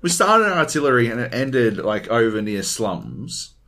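A man's voice: mid-range voice, a little slow. A man co-hosting a casual gaming podcast, swearing freely and acting out what others said. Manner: animated, swears freely, acts out quotes. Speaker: podcast co-host.

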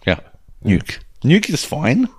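A man's voice: on the high side, wildly swooping pitch, slow pace, slightly rough, no room sound. A man co-hosting a podcast in casual, sweary chat, reading listener emails aloud. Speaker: podcast co-host.

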